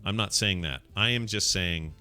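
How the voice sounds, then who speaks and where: A man hosting a podcast, talking candidly in a relaxed, joking way. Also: low voice, normal speed, faint music behind. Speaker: podcast host. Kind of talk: casual chat.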